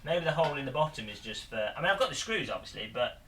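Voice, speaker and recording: A man's voice: medium pitch, big pitch swings, quick pace, sharp tone, roomy sound. A man streaming live, chatting casually in a bemused, rambling way and laughing often.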